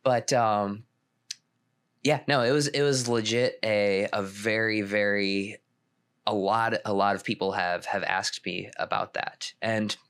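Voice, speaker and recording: A male podcast co-host and pro pickleball player in casual chat, talking in a relaxed, rambling way with frequent restarts. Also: lowish voice, unhurried, smooth.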